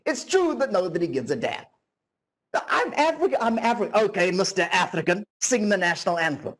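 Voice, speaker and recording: A ventriloquist brings to life a cheeky male puppet with a high, bouncy voice that swoops up and down. He needles and mocks in a blunt, sharp-tongued way, like a stage comedy act. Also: very animated, fairly quick, exaggerated voice. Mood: mocking.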